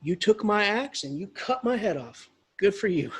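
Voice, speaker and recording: A man's voice: sits high, very animated, normal speed, fairly bright tone, breathy edge, exaggerated voice. A man voicing a knight who scolds and explains in a casual, chummy way. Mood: explaining. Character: gruff male knight, tester, scolding.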